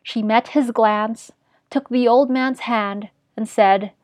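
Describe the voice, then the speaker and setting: Woman narrator, measured storytelling, slightly high voice, dry close recording. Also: fairly even intonation, a little mellow, no echo. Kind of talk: scripted narration.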